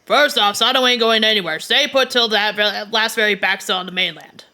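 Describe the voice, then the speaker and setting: A woman voicing a stubborn, hot-tempered old island man with a gruff folksy drawl while reading game dialogue aloud. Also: mid-range voice, fairly quick, bright, forceful tone.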